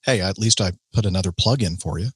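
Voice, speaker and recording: Deep, husky man rambling with many ums. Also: no room sound. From Southern California. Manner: halting, many ums and uhs, self-correcting. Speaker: podcast guest, pilot. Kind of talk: casual conversation.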